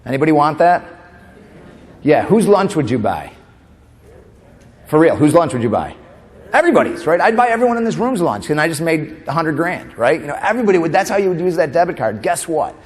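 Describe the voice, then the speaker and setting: A man's voice: on the high side, a little fast. Man telling stories in a reverberant hall. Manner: emotive storyteller, mixing tender moments with animated comic bits. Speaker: comedian and motivational speaker. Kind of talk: keynote speech at a conference. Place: conference hall.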